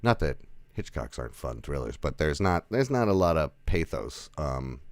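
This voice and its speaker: A man's voice: extremely low pitch, big pitch swings, normal speed, dry recording. A man giving a casual movie review, rambling with lots of fillers, restarts and chuckling asides. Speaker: film reviewer.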